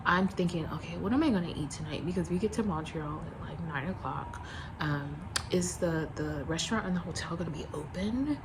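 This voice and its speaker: Blunt, low-voiced woman telling a story. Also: a little fast, background noise. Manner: animated, blunt, acts out both sides with laughs. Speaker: flight attendant. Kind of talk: casual storytelling vlog.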